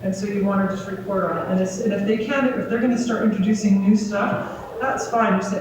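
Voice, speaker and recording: A female guest speaker gives a conversational live talk to a gathering in a community hall, checking in with "right?". Her mid-range, darkish voice comes at a moderate pace, sounding distant and dull in the echoing room, with slight background noise.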